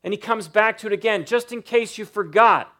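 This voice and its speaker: A man preaching a sermon to his church, emphatic and slowing down to stress key points. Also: sits high. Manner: emphatic preaching, varies loudness and slows for emphasis. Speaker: pastor.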